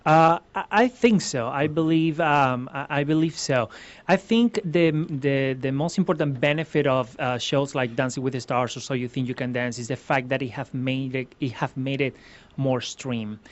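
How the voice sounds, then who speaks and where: A man from Venezuela, a ballroom dance instructor answering interview questions earnestly, explaining step by step with many restarts. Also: medium pitch. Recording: slightly muffled lo-fi sound.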